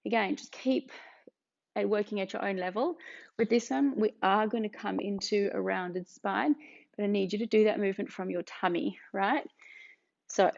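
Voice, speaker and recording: A woman's voice: mid-range voice, gravelly. A woman from Australia leading a pilates ab workout, cueing each move and counting down while out of breath. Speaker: pilates instructor. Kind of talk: guided workout instruction. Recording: dull lo-fi sound.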